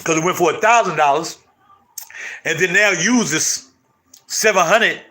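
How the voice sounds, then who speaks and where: A middle-aged man hosting his channel, chatting casually to viewers in loud, animated, slangy street talk. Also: high-pitched, measured pace, slight background noise. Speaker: channel host.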